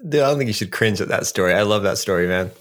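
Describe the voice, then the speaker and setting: A man's voice: lowish voice, expressive, racing, a bit bright. A young adult man co-hosting a podcast, easygoing and chatty, who laughs often and calls his friend "man" and "dude". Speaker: podcast co-host. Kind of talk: casual chat.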